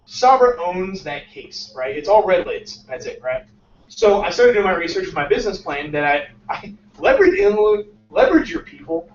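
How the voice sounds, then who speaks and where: Energetic young man, high voice, echoey room. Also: moderate pace, a little hiss or hum. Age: 20s. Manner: energetic, peppers lines with "right?". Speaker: startup founder giving a talk. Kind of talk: casual motivational talk. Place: lecture room. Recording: echoey muffled room sound from far off.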